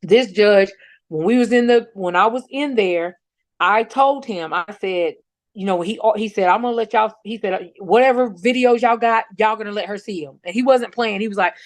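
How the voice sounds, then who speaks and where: A middle-aged woman tells a personal account as a guest, outspoken and blunt. She acts out the back-and-forth of a conversation in lively retelling. The recording is dry and close, with pitch sitting in a normal middle range. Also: normal speed, dry recording. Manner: animated storyteller acting out quoted dialogue. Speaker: guest, bereaved mother.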